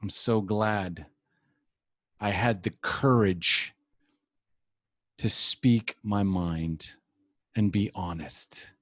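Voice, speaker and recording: Slow, earnest man on a podcast. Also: fairly low pitch, dry recording. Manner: earnest, reflective, speaks in mini-lectures. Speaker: podcast host. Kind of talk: recovery podcast conversation.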